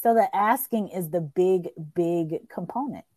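A woman's voice: lowish voice, a little slow, warm tone, no room sound. Chatty woman host, dry close sound. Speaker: host of a live stream. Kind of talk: casual interview chat.

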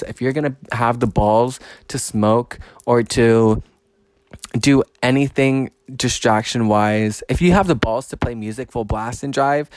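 A man talks into a close mic in his casual podcast monologue, blunt and full of swearing. His voice sits at a medium pitch and climbs higher as he gets worked up. The sound is dry, with no room echo. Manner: blunt, profane and emphatic, rising in pitch when fired up. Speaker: podcast host.

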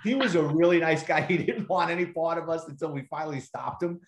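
A man's voice: fairly high pitch, fairly quick. A middle-aged man, a retired police detective, casually telling anecdotes and acting out quoted dialogue, with casual swearing. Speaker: interview guest, retired police detective and author. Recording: roomy echo.

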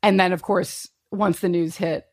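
A woman in her thirties, a guest in a casual chat, tells an animated story, voicing quotes and laughing along the way. Her voice is fairly low and her pace unhurried.

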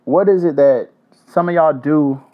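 A man hosting a casual solo podcast, blunt and profane, giving joking shout-outs. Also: on the high side, unhurried. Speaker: podcast host. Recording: dull lo-fi audio.

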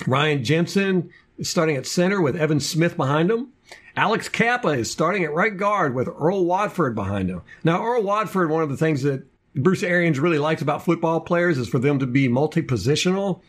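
A man's voice: on the high side, lively intonation, moderate pace. A man co-hosting a casual sports podcast, running through a team depth chart with jokey asides. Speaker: podcast co-host.

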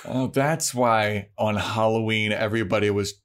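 A man co-hosting a podcast, casually recapping an episode and slipping into quick character voices. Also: fairly low pitch, steady tone, fairly bright tone. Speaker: podcast co-host.

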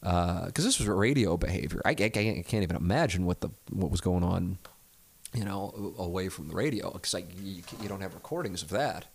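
A man's voice: low-pitched, expressive, a little fast, creaky, husky. A man in his forties hosting a podcast, talking candidly and self-deprecatingly, hesitant and rambling, swearing freely. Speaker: podcast host. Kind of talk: candid reflective chat.

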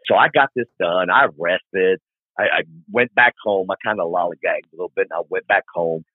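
The guest, a long-distance motorcycle rider in middle age, is an animated, casual storyteller who plays out each scene. His husky, fairly low voice comes across briskly on a dry, thin, phone-like remote line with no room sound.

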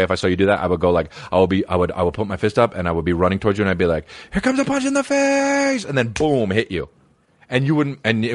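A man's voice: low voice, no echo. A young man reacting to videos in rambling, profane casual commentary, full of stammered restarts.

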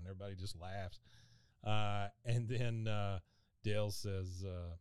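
A man's voice: lowish voice, steady tone, clear, resonant tone, no room sound. A man casually recapping a cartoon episode on a podcast, playfully acting out the characters' lines. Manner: playful, acts out character lines in quick bursts. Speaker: podcast co-host.

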